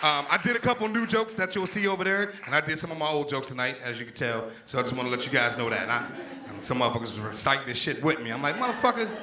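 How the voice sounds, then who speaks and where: A man's voice: mid-range voice, fast talker. A man from Pittsburgh doing a stand-up set in a small comedy club, cursing freely and working the crowd. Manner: profane, loose, crowd-working banter. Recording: echoey room with crowd noise.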